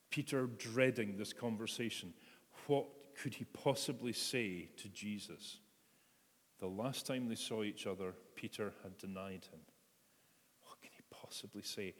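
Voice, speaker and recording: A man preaching a reflective sermon, retelling a story and inviting his listeners to picture it. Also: on the low side. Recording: echoey hall reverb.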